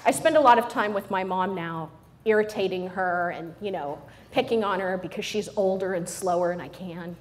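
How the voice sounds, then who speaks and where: The recording carries a little hiss or hum as a middle-aged woman with a lowish voice speaks at a moderate pace. A motivational speaker, she gives a humorous, playful talk to a live crowd, repeatedly checking in with "right?" asides.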